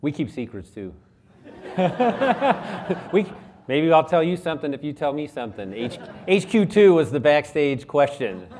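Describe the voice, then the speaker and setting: A man's voice: on the high side, big pitch swings, a little slow, darkish tone, slight background noise. Older male moderator, jokey and self-deprecating, runs the questions. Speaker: event host. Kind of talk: casual moderated chat.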